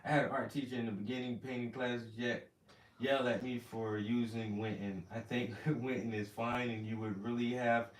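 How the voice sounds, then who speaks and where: A man hosting a painting livestream, chatting casually in animated, profane, slangy stories. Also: medium pitch, moderate pace, roomy sound, distant mic. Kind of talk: casual chat while painting.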